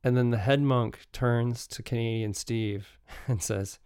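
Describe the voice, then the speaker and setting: A man casually telling travel stories as a podcast host, halting and restarting often, with frequent chuckles. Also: medium pitch, steady tone, darkish tone, smooth, no room sound, studio quality.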